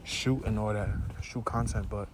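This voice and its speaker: A man's voice: on the low side, steady tone, moderate pace. A young man vlogging in a casual, rambling way, chewing gum and filling his talk with "you know" and "like". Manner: chewing gum while talking. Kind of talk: casual vlog chat. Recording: faint background noise.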